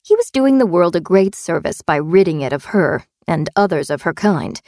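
Low-voiced woman narrating a thriller. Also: normal speed, few pauses, dark tone, no room sound, studio quality. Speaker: audiobook narrator. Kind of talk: scripted audiobook narration.

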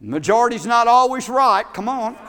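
A man preaches, his voice high and bright. He tells the story dramatically, dropping to a hush and rising to shouts. The sound carries the long echo of a hall. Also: animated, normal speed. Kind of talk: sermon. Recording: echoey hall.

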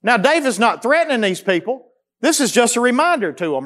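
Man, pastor preaching, high voice, very lively pitch, loud emphasis then quiet repeats. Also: brisk. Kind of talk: sermon.

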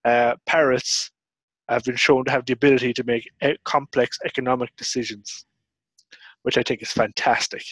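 A young man co-hosting a podcast in a calm, measured voice with a dry sense of humour. He sounds close and dry, with no room sound at all. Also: medium pitch, no room sound, poor audio. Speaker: podcast co-host. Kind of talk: casual podcast chat.

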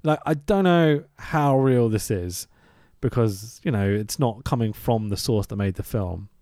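A man's voice: medium pitch, a little slow, warm tone, dry recording, clean studio sound. A man co-hosting a podcast, recapping a film in casual chat, laughing, swearing and acting out scenes.

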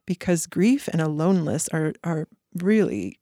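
A woman guest on a podcast, talking earnestly in a reflective conversation with halting restarts. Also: sits low, big pitch swings, mellow, dry recording, studio quality. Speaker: podcast guest, eating disorder clinic co-founder.

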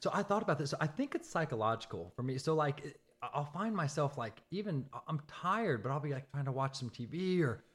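A jet-lagged man talking in a loose, rambling chat. His voice jumps up into loud, animated bursts, then sinks into low, tired murmurs. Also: fast, few pauses. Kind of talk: casual chat.

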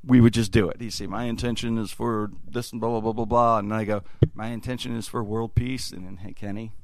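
A man's voice: fairly low pitch, a little fast, no room sound. A middle-aged man hosting a podcast, telling a story casually and acting out the quotes. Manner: animated, acts out quotes. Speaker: podcast host.

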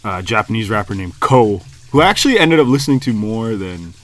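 A male podcast co-host with a lowish voice, talking in an easygoing, relaxed way. He rambles through fillers and "like" as he chats with a friend. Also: brisk. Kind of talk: casual chat.

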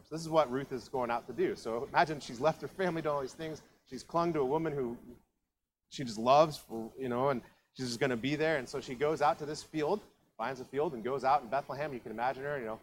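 Brief: easygoing man preaching, talks as if to friends, mid-pitched, faint hiss behind. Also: fast, rough recording. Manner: conversational storytelling, lots of asides. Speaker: pastor. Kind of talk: sermon. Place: church.

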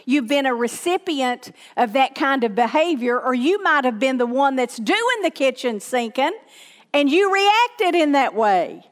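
A woman's voice: high-pitched, expressive, a little slow, long reverb tail. A woman pastor with a Southern accent, preaching a sermon with emphatic repetition and questions to the congregation.

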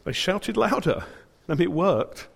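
Male preacher, lively storytelling. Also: high-pitched, measured pace, creaky, husky, big-room sound. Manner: dramatic, humorous storytelling. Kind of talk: sermon.

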